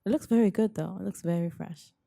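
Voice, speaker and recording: Mellow low-voiced young woman, laughing often. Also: vocal fry, no room sound, clean studio sound. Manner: laughs often, quick agreeing interjections. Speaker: podcast co-host. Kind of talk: casual chat.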